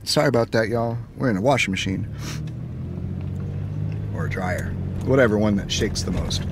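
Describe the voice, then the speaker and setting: A man chatting casually from his car while driving, telling stories in an animated way and acting out both sides of each exchange. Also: lowish voice, moderate pace. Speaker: gaming vlogger. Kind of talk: casual chat. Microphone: phone camera. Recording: faint road noise inside a moving car. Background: faint car and road noise.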